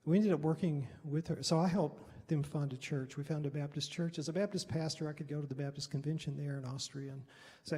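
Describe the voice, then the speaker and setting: A man's voice: a little high, fairly even intonation, a little fast, hardly any pauses, warm tone. A middle-aged man, a Baptist pastor, telling a mission story at a Bible study in a loose, rambling, conversational way. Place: church hall. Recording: reverberant hall.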